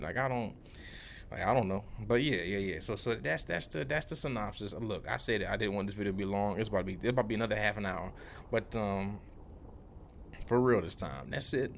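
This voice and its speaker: A young man with a fairly low, fairly bright voice and some vocal fry rambles through a casual vlog story about his work day as an electrical apprentice. He's laid-back and slangy, full of fillers and restarts, with slight background noise.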